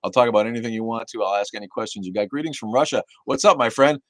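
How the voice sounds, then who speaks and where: A man's voice: medium pitch, rapid-fire, a bit bright, no echo. A man hosting a casual livestream, reading chat aloud in a laid-back, easygoing way, cursing casually and laughing often.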